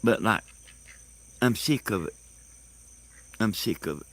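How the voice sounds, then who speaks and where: Rambling man, low voice. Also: expressive. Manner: rambling, halting, laughs loudly at own stories. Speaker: host. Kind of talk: casual storytelling monologue. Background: crickets and insects.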